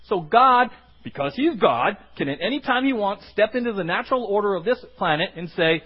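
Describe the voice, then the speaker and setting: Animated male pastor, high lively voice. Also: fairly quick, husky, muffled recording. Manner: animated, acts out quoted voices. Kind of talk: sermon.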